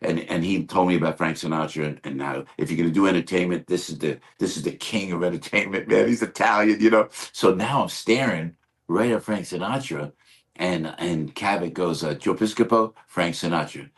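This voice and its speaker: An older comedian with a low, deep voice spins a lively anecdote as a podcast guest. He talks in quick bursts with restarts and sudden impressions. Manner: animated anecdote teller, slips into impressions. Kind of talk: storytelling interview.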